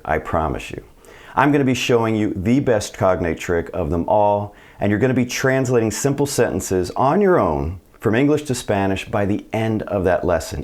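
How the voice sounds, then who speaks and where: A man's voice: on the low side, darkish tone. A man teaching a Spanish pronunciation lesson to viewers, friendly and dropping joking asides. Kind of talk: video language lesson.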